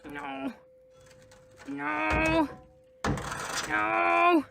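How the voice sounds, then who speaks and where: A woman's voice: very high-pitched, takes it slowly, long pauses, heavy background noise. A young woman streaming a horror game, reacting with jittery nerves, screams and nervous laughter. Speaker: gaming streamer. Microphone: headphones with mic.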